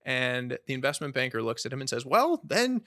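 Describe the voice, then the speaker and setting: A man in his thirties speaking as a podcast guest and author, telling stories in an earnest, animated way. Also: mid-range voice, fast talker. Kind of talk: conversational storytelling.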